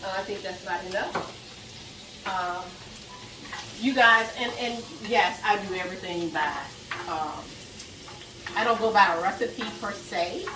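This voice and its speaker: A woman's voice: medium pitch, a little slow, pauses often, far from the mic, background noise. Chatty woman cooking in a roomy kitchen. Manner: chatty, rambling, self-correcting. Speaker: cooking vlogger. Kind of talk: casual cooking vlog. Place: home kitchen, cooking at the stove.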